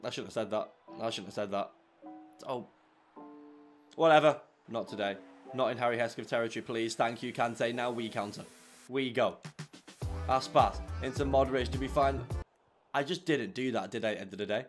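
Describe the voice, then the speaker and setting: A young man commentating his own football video game, swinging from muttered grumbles to shouted celebration. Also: mid-range voice, normal speed, long pauses, soft background music. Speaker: gaming YouTuber. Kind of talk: live gameplay commentary.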